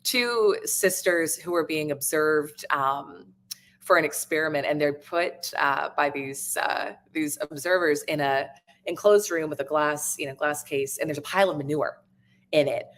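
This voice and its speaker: Woman on a live stream, earnest coaching talk, lots of ums and restarts, slightly low voice. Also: a little slow, fairly bright tone, a little hiss or hum. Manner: earnest, reflective, frequent fillers and restarts. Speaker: podcast host and business coach.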